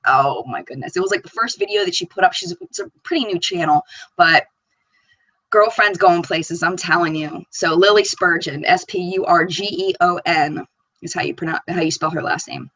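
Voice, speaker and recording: A woman's voice: on the low side, expressive, normal speed, fairly bright tone, dry recording, dull audio. A woman hosting a live makeup chat stream, bubbly and chatty, reading viewer comments aloud. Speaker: beauty channel host.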